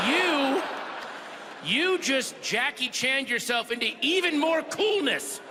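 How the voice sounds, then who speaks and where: A male stand-up comedian telling a quick, self-mocking anecdote. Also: extremely high pitch, sing-song, in a large hall, crowd noise, background noise.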